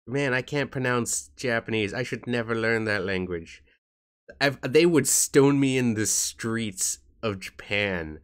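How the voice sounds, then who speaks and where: A man's voice: mid-range voice, a little slow, a bit bright. A man chatting on his vlog in a joking, rambling and self-mocking way. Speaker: YouTuber. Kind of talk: casual vlog chat.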